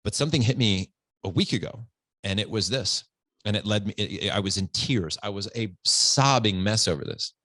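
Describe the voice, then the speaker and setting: Low-voiced man, earnest and emotional. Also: normal speed, no echo. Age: 40s. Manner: earnest, open, animated retelling with quoted voices. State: close to tears. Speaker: podcast guest. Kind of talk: emotional personal storytelling.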